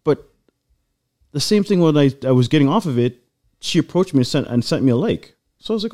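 A man in casual chat, telling a long personal story in a rambling, animated way with lots of fillers. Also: fairly high pitch, brisk. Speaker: guest.

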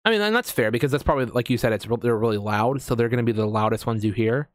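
A man's voice: medium pitch, animated, rapid-fire, dry recording, clean studio sound. An American man chatting casually, rambling with lots of fillers, restarts and swearing. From United States. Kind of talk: casual chat.

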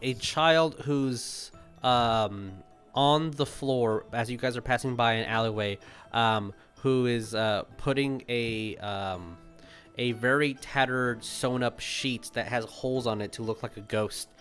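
A man runs a tabletop game in a middle-pitched voice, describing scenes for his players. He talks in a halting way and fills his pauses with ums and uhs. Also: fairly bright tone, faint music behind. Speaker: game master.

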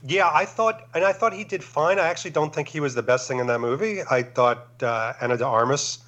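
A man speaking as a guest in a casual chat, enthusiastic and quick to rattle off lists. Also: on the high side, fairly bright tone, highs cut off.

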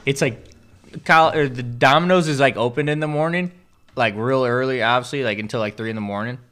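Bright-voiced young man telling a rambling story. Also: medium pitch, a little fast. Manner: rambling, profane, laughs through stories. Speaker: podcast co-host. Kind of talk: casual chat, storytelling.

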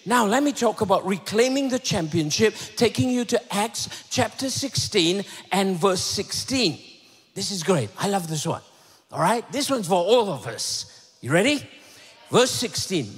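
A man preaching a sermon to a church with impassioned energy, swinging between shouted peaks and sudden hushed asides. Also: high voice, sing-song, measured pace. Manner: impassioned, shouting builds and sudden drops to a hush. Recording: echoey hall reverb.

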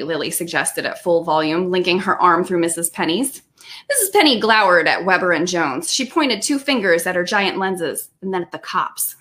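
A woman's voice: fairly low pitch, normal speed. A woman author on a video call reading aloud from her own novel, with laughing asides. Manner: lively reading with laughs and self-aware asides.

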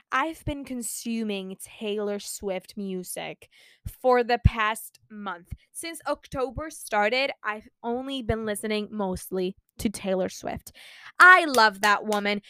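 A teenage girl, talking in a smooth, bright-toned voice that sits a little high. She gushes excitably and swears freely in casual chat. The sound is close and dry, with no room around it. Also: no echo. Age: teens. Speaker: podcast host.

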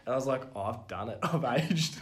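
A woman's voice: extremely low pitch, expressive, brisk. An Australian woman co-hosting a podcast, telling stories in casual chat with frequent laughter. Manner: laughs often, rambling storytelling. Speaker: podcast co-host.

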